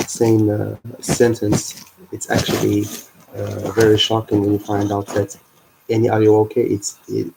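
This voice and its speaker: A man hosting a livestream, explaining his ideas in an earnest, halting way. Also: fairly low pitch, creaky, background noise. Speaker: livestream host.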